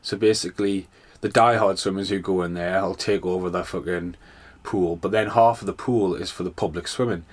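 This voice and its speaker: Sweary rambling man, lowish voice. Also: brisk. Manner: rambling, sweary, animated storytelling. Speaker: podcast host. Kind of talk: casual solo rant.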